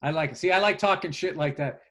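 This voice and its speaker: A man co-hosting a podcast in casual chat, telling stories in an animated way, swearing and acting out what people said. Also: on the high side, fast. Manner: animated storyteller, swears a lot, acts out voices. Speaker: podcast co-host.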